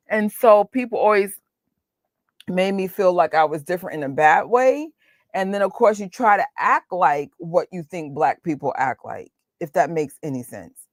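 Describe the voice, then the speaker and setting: A woman in her forties with a New York accent, hosting a casual chat, animated and laughing often. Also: on the low side, no echo. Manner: animated, laughs often, talks in quick bursts. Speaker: host.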